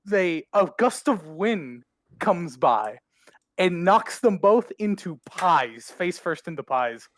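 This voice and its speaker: A man running a tabletop role-playing game as game master, narrating scenes with frequent laughs and quick character lines. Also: high voice, sing-song, fairly bright tone.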